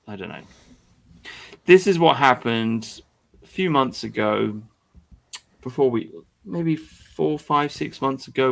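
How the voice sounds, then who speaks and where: A man holds forth as a podcast host, swearing freely and sounding fed up. His voice sits at an ordinary middle pitch for a man. He talks loosely and off the cuff. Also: gravelly, a bit bright. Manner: crude, exasperated ranting. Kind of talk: casual profane commentary.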